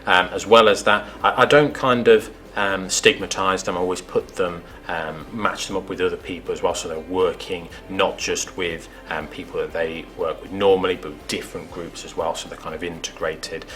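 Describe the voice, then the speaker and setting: A male teacher talking hesitantly about his lessons, with many pauses and ums. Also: deep voice, steady tone, sharp tone, soft background music. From England.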